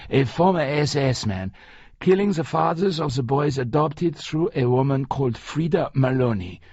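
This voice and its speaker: Earnest elderly nazi hunter, voiced by a man, grave warning tone, lively pitch, husky. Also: no echo. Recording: dry, slightly muffled recording.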